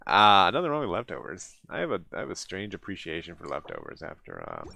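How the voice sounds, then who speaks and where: A man's voice: low voice, huge pitch swings, moderate pace, vocal fry, long pauses, sharp tone, dry recording. An American man streaming late at night, chatting casually with viewers, rambling, laughing often and poking fun at himself while sounding tired. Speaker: live streamer.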